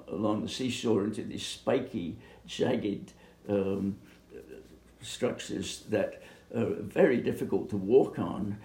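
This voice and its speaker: An older man from Bermuda recalling his youth in an oral history interview, speaking haltingly with many pauses and fillers. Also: on the low side, gravelly, warm tone. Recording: echoey room.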